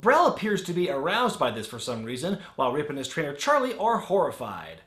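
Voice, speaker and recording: A man's voice: on the high side, huge pitch swings, fairly quick, a bit bright, a little hiss or hum. A man hosting a comedic movie review, narrating in a sarcastic, wisecracking way. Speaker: host. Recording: roomy with music bed.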